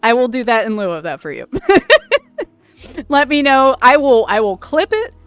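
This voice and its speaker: A chatty woman, in a somewhat high voice, hosts a livestream. She laughs often and trips over her words, with faint music in the background. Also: sing-song, a little slow, a bit bright, clean tone, dry recording. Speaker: streamer host. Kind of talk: casual livestream chat.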